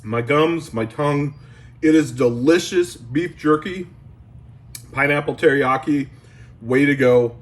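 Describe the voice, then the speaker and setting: Taking things slowly in a fairly high voice, a man hosts his card collecting channel. At home he tries and reviews jerky casually, chatting with enthusiasm and exclaiming mid-bite.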